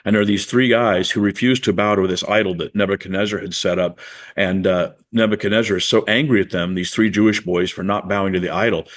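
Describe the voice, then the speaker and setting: Man preaching an animated sermon story. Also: fast. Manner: animated, climbs high and loud when reenacting his angry prayer. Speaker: pastor.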